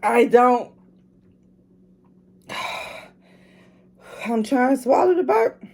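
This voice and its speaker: A woman's voice: fairly high pitch, animated, very slow, creaky, darkish tone. A woman, a mother filming at home, chatting casually to her viewers and groaning with strain as she talks. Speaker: vlogger doing a drinking challenge.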